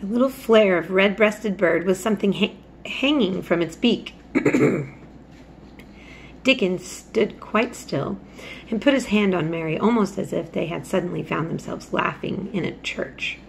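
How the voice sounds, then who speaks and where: A woman reading a children's novel aloud, unhurried and steady, with small slips. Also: medium pitch, creaky, a little hiss or hum. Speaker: storybook reader.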